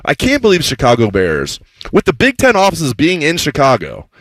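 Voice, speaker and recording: A man co-hosting a sports talk show, giving opinions casually with lively ribbing. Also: a little high, normal speed, no room sound. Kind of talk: casual chat.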